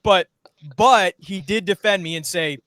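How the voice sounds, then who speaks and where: A man's voice: high-pitched, measured pace, bright, forceful tone, dry recording. A young man and former podcast intern, telling a rambling story in casual chat and acting out quoted lines.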